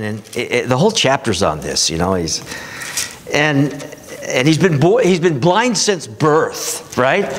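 Lively conversational male pastor preaching. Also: a little high, slight background noise. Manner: conversational, acts out quoted voices. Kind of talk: sermon.

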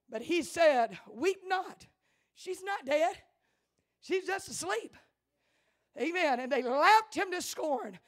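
High-pitched impassioned woman preaching. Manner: impassioned preaching, rising to shouts. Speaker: pastor. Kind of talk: sermon. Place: church.

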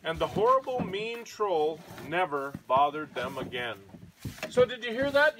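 A man reading a storybook aloud to his goats, pausing to talk to them about the pictures. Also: fairly high pitch, background noise. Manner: animated reader, chats to the goats between pages.

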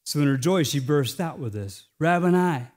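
An American male pastor delivering a sermon, swinging between hushed, slowed phrases and loud, emphatic lines. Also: mid-range voice, lively intonation.

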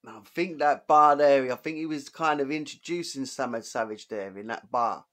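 An ordinary mid-range male voice hosts a music reaction, talking casually and excitedly. He swears freely and breaks in to point out the moments he likes. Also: medium pitch, moderate pace.

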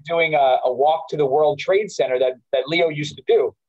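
A man recounts old memories on a video call, slightly high in pitch and given to stopping and restarting his sentences. His voice comes through dull and lo-fi. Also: a little mellow. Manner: halting, frequent restarts and fillers. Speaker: alumni walk organizer at a school memorial. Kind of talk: casual reminiscing on a video call.

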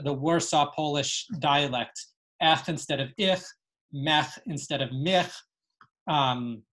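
A woman teaching an online lesson on Yiddish dialects, reading passages aloud and translating them. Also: low-pitched. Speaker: webinar teacher. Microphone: video call.

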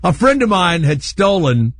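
A man hosting a talk radio show, rambling through candid stories and laughing at his own dark jokes. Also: sits high, very animated, moderate pace, dry recording. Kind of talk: storytelling talk radio chat. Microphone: studio microphone.

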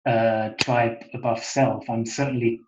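A man with a German accent, talking in a casual interview over a video call, hesitant with many restarts and soft laughs. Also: mid-range voice, flat delivery, a little slow, background noise. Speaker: interview guest. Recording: echoey, dull lo-fi call audio.

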